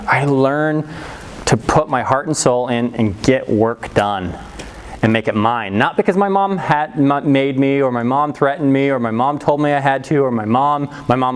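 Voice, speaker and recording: In a rough recording with a faint hiss or hum, a middle-aged man animatedly recounts a personal story to an audience. He laughs a lot and performs the voices of others with large pitch leaps.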